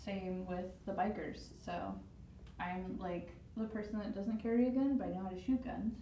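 A woman's voice: medium pitch, moderate pace, mellow, far from the mic, slight background noise. A woman co-hosting a casual chat, rambling and laughing as she talks, with lots of "like" and restarts. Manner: rambling, heavy use of "like", laughs often. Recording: roomy echo.

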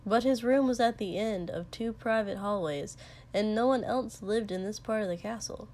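A woman reading a fiction story aloud as narrator, in a slow, even storytelling manner. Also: mid-range voice. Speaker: reader.

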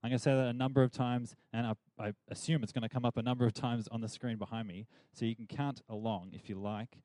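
A man's voice: mid-range voice, steady tone, fast, mellow, no room sound. A young man giving a chatty, playful Bible talk to a youth group and leading them in call-and-response.

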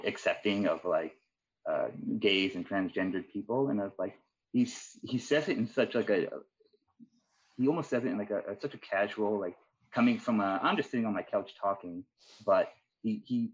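A man with a lowish, husky voice rambles through a casual podcast chat, full of fillers and restarts. The recording sounds dull and lo-fi. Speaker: departing guest.

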